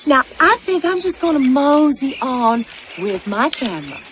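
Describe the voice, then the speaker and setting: A sassy stubborn wife, high swoopy voice, noisy film audio. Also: female voice, sing-song, moderate pace. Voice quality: sassy, insistent. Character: feisty stubborn Southern wife.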